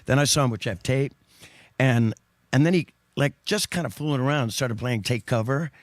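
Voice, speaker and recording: A man's voice: medium pitch, normal speed, no echo. A man telling stories in casual chat, rambling and correcting himself, often breaking into laughs. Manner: rambling, self-correcting storyteller with frequent laughs. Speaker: guest singer.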